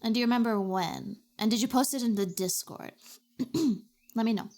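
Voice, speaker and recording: Expressive woman streamer, fairly high. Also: normal speed. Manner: expressive, dramatic reactions to chat. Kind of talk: casual chat while drawing.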